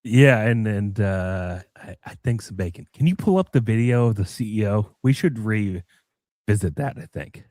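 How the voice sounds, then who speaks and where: A man's voice: fairly low pitch, animated, normal speed, few pauses, a little mellow, no room sound. Male podcast co-host, playful teaser, everyday voice, dry studio. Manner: teasing, joking, laughs often. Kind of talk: casual podcast chat.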